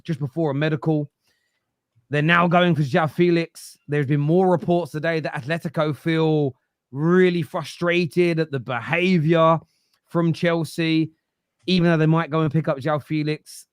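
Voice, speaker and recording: Casting: upbeat man as the jokey host of a football panel show, slightly high voice, dry close sound. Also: clear, resonant tone, dry recording. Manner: jokey, teasing, energetic. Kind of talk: casual panel chat.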